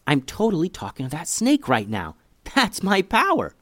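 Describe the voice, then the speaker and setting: A man doing a high, panicky young boy. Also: huge pitch swings, normal speed, pushed and bright, dry recording, full character voice. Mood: boastful. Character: excitable young boy, dramatic and boastful. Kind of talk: storytelling podcast.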